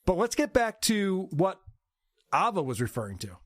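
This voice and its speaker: Male podcast host, sarcastic clip commentary, lively swooping delivery, dry close sound. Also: sits high, moderate pace, no echo. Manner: sarcastic, animated, laughing. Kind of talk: commentary on clips.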